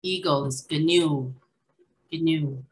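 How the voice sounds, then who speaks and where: A woman teaching a language lesson over a video call, repeating each word slowly and adding casual asides. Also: low voice, rough recording.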